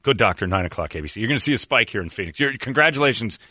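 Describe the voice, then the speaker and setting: A man's voice: racing, no echo, studio quality. A man hosting a radio show, chatting and joking with a laugh and slipping into mocking quoted voices. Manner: animated, laughing, jumps into mocking high-pitched quoted voices. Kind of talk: casual comedic talk radio banter.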